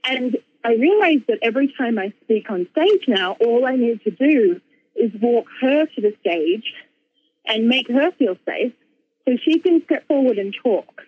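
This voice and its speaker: A woman in casual conversation, animated and full of fillers, breaking into laughter often. Her voice sits a little high and has a husky, breathy edge. The sound is dull and lo-fi, like a video call. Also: measured pace. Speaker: author and speaker.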